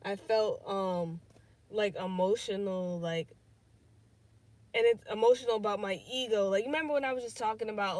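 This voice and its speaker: A young woman talks loosely on her own podcast stream, thinking out loud. She drifts between thoughts, swears freely and leans on "like" and "um." Her voice sits at an ordinary middle pitch. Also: normal speed. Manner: rambling, profane, thinks aloud with many fillers. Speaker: podcast host. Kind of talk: casual livestream chat.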